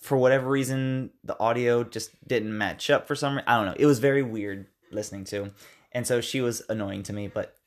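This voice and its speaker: A man's voice: medium pitch, fairly even intonation, a little fast. Rambling American man reviewing a film. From United States. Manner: rambling, self-correcting, acts out film lines. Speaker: podcast co-host. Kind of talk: casual film review chat.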